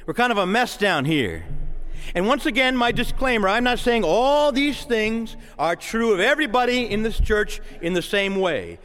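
A male pastor preaching a sermon with passion, moving from hushed prayer to excited outbursts. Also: high-pitched, long reverb tail. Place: church sanctuary.

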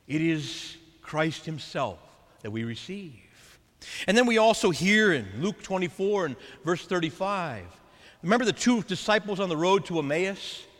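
A man preaching a sermon as a priest, animated and acting out the voices of scripture. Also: high voice. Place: church. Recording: long church reverb.

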